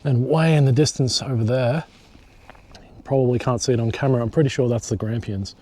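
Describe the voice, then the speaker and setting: A man's voice: medium pitch, fairly quick, darkish tone. A young man chatting casually to camera at a bush campsite, joking and swearing now and then as he films his overnight hike. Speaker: hiking vlogger. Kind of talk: casual solo vlog to camera.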